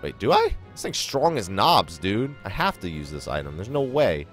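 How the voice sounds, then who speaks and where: A man's voice: on the low side, huge pitch swings, normal speed, faint music behind. A man giving casual let's play commentary, chatty and rambling, laughing often. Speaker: gaming YouTuber.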